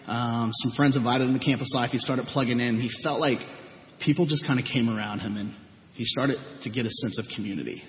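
A man's voice: mid-range voice, a little fast. A man speaking to a gathering, earnestly recounting stories about teens and voicing their words. His voice echoes around a large hall, and the sound is dull and lo-fi. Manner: earnest storytelling, acts out quoted people. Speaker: youth ministry leader. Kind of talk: testimony talk to a gathering.

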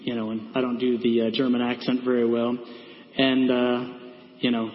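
In a church sanctuary, a male preacher speaks at normal speed with a medium pitch and a level tone. His sermon is conversational, peppered with fillers and side remarks, and the echoey hall makes the audio dull.

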